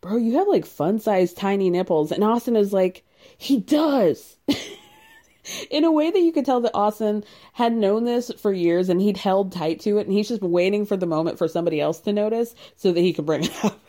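A woman's voice: mid-range voice, fairly quick, warm tone. A woman hosting a podcast, chatting casually through a reality show recap, laughing often and saying "like" a lot.

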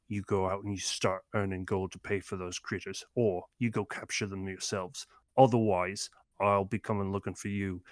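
A man's voice: fairly low pitch, no echo, clean studio sound, natural voice. A man voicing a menacing little girl who talks like a swearing gangster in a tabletop game. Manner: threatening, swearing, tough street talk.

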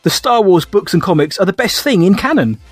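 A man's voice: sits high, animated, brisk, breathy edge, dry recording, soft background music. A man co-hosting a casual podcast, joking, laughing often and calling his friend mate. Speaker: podcast co-host. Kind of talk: casual chat.

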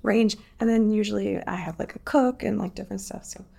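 A woman's voice: mid-range voice, brisk, creaky, warm tone, slightly rough. A woman co-hosting a podcast in casual chat, hesitant and full of fillers. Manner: hesitant, lots of fillers and likes. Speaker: podcast co-host.

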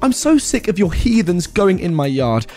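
A man voicing a hostile middle-aged woman neighbor who screams insults in a high, shrill voice. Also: big pitch swings, moderate pace, darkish tone, faint music behind. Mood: shrieking insults. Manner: screaming, insulting, self-righteous.

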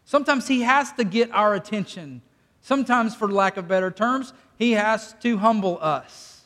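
Folksy pastor in a reverberant church. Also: male voice, high-pitched, moderate pace, fairly bright tone. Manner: folksy, conversational preaching with audience call-and-response. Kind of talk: sermon. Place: church sanctuary. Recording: long reverb of a church hall.

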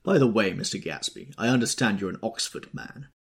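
A man voicing a brusque, impatient wealthy young man in an audiobook reading, delivered sharply and forcefully. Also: lowish voice, lively intonation, fairly quick, slightly rough, voice pushed up.

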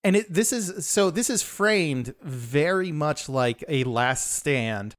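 A man co-hosting a podcast, chatting casually and excitedly as he recaps an anime episode, often restarting his sentences and leaning on "like". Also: a little high, takes it slowly. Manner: excited, rambling, heavy on 'like' and restarts. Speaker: podcast co-host.

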